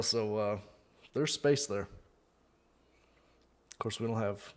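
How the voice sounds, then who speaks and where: A man talking through a live match for fellow fans, rambling easily with plenty of fillers. He muses about players, then erupts into loud, disbelieving shouts when goals go in. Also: on the low side. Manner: chatty, rambling, thinks aloud with fillers. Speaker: fan host of a live watchalong. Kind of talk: casual live match reaction.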